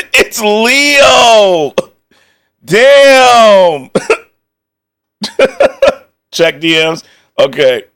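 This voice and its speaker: Laughing often, a young male streamer drifts through casual reaction commentary laced with swearing and jokes. His voice is a little high for a man, slightly bright, clear, and resonant, and he drags his words out unhurriedly.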